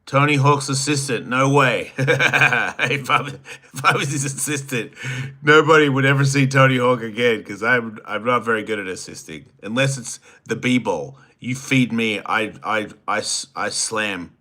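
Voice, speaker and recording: A man's voice: medium pitch, a little slow, bright, forceful tone. A man with an Australian accent, hosting a solo livestream, reading chat questions and answering in a crude, teasing, rambling way. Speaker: host.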